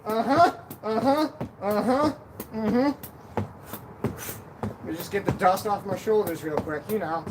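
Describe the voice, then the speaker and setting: A high-pitched man talks through a casual outdoor live stream, joking and poking fun at himself between moves. The mic picks up clear outdoor noise all around him, with birds and wind in the background. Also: measured pace, pauses often. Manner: chatty, joking, self-deprecating. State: out of breath at times. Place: outdoors on a backyard deck. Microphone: camera on a stand.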